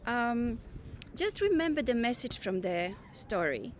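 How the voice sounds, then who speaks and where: A woman's voice: a little high, big pitch swings, unhurried, slight background noise. A woman teacher making an encouraging announcement to pupils at a school assembly, speaking directly to the children.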